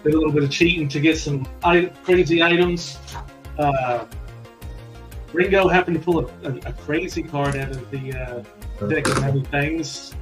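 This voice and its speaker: A man's voice: a little high, normal speed, soft background music. A man running a tabletop game as game master, recapping and describing the setting in a loose, meandering way.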